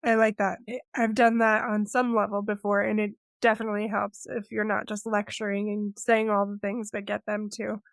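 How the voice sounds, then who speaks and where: A woman's voice: mid-range voice, little pitch movement, normal speed, vocal fry, hardly any pauses, no room sound, clean studio sound. A woman hosting a podcast, asking her guest questions in a friendly, inquisitive way. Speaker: podcast host. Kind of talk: conversational interview.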